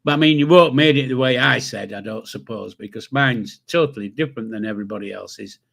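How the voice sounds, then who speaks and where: A man's voice: medium pitch, a little fast, creaky, fairly bright tone. An older man, hosting a casual livestream and chatting loosely with viewers, with a rambling manner, casual swearing and chuckles to himself. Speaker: livestream host. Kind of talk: casual live chat reading comments.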